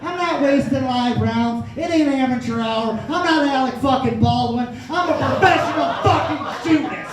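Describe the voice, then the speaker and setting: A man's voice: extremely high pitch, moderate pace, few pauses, crowd noise. A man doing a crude, brash stand-up comedy set on a small club stage, with audience laughter behind him. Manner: crude, brash, profane storytelling. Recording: echoey club from far off, noisy.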